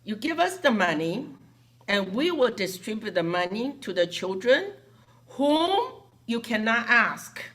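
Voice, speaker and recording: Slow, bright-voiced woman. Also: fairly high pitch. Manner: animated, acts out quoted voices. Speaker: foundation director. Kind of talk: storytelling speech to a gathering.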